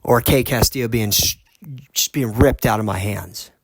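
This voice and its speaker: A man hosting a podcast, earnestly telling a personal story in a halting way, often restarting his sentences. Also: on the low side, dry recording. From United States. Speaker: podcast host.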